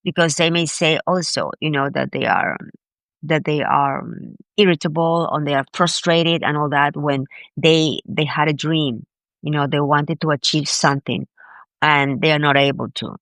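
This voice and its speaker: A woman being interviewed as a grief expert, telling a personal story in an animated, emphatic way and often repeating words. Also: sits low, moderate pace, no room sound. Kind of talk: conversational storytelling.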